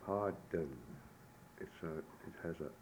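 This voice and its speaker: Male pronunciation teacher, low and mellow, slow and patient repetition, faint hiss. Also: poor audio. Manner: slow and repetitive, modeling each word twice. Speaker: language teacher. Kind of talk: pronunciation lesson.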